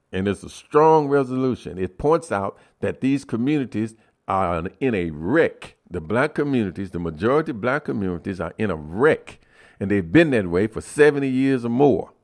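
Man, radio talk host, deep voice, halting, repeats himself, punches key words. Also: a little mellow. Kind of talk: community radio talk, addressing listeners.

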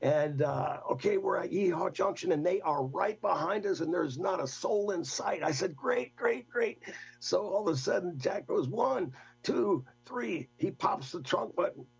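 An older man, a guest, telling a rambling, animated story in casual talk. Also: sits high, normal speed, gravelly, few pauses, breathy edge, dull audio, soft background music. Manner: rambling, animated anecdote with laughs.

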